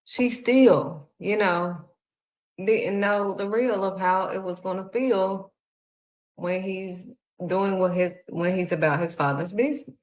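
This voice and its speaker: A woman's voice: mid-range voice, slow pace. A woman, preaching a sermon in a heartfelt, conversational way. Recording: echoey room.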